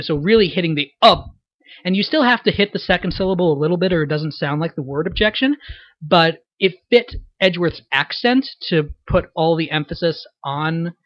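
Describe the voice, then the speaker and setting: A man giving a reflective audio commentary on his voice acting, explaining his choices thoughtfully with frequent pauses and fillers. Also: a little high, no room sound, dull audio.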